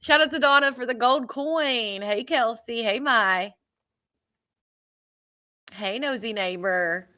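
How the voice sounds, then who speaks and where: A woman's voice: a little high, takes it slowly, pauses often, sharp tone. Woman host, casual live-stream chat, greets viewers by name, muffled lo-fi audio. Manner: chatty, greeting viewers one by one.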